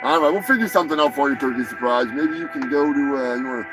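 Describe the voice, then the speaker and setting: A man's voice: mid-range voice, fast talker, over loud music, low-quality recording. A man hosting a casual live comedy show, talking in a profane, rambling, offhand way. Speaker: host.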